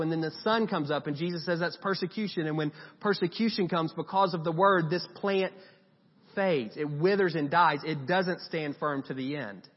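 A man preaching a sermon, earnest and conversational, acting out short quoted lines as he goes. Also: a little high. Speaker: pastor. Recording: dull sound with long hall reverb.

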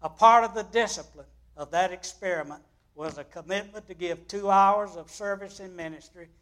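A male pastor gives a sermon. He tells stories dramatically, swinging between loud and quiet. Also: high voice, moderate pace. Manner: dramatic storytelling with big swings in loudness.

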